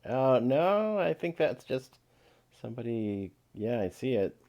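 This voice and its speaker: A man running a tabletop game as game master, relaxed, laughing often and pausing with fillers. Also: mid-range voice, highs cut off.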